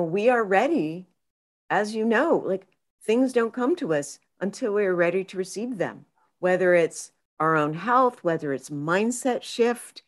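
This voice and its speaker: A woman therapist and author, a guest on a podcast, telling stories in a casual, expressive way and acting out her own inner voice. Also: fairly low pitch.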